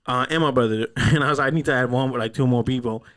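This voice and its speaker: A young man hosting a laid-back podcast, telling rambling stories in a mid-range voice. He swears freely and slips into quick impressions of the people he quotes. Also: mid-range voice, a bit bright. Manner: rambling storyteller, heavy cursing, acts out voices in quotes. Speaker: podcast host. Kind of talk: casual podcast chat.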